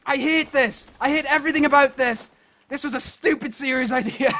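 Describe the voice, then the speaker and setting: A young man with a high, bright, forceful voice narrates his own gameplay. He curses nonstop and mutters to himself in constant frustration as he plays at home. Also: fairly even intonation, a little fast. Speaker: let's play host. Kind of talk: let's play commentary.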